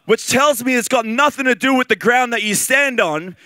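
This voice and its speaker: A man with an Australian accent preaching a sermon in a lively, conversational way, with fillers and repeated phrases. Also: very high-pitched, normal speed, no room sound.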